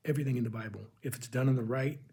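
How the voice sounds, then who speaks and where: Speaking directly to viewers he calls "people," a religious video host gives his spiritual testimony haltingly, restarting often yet staying earnest. His mid-range voice is husky, slightly breathy, and dark and mellow in tone.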